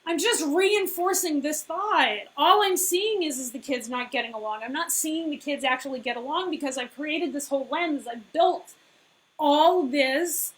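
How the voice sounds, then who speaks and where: High-voiced woman coaching, chatty and lively. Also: moderate pace, rough recording. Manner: conversational, filler-heavy, keeps asking "right?". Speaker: business owner and life coach. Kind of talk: casual coaching talk.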